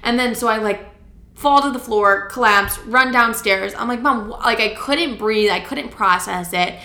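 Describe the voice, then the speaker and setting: A young adult woman hosts a podcast, telling a story in a chatty, casual way, saying "like" constantly and swearing freely. Her slightly high voice is pushed and bright at a moderate pace, with a roomy echo and soft background music.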